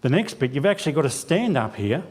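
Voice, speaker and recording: A man's voice: a little high, very animated, fast, husky. A man giving a church sermon as a lay preacher, telling a self-deprecating personal story with quoted dialogue. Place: church sanctuary.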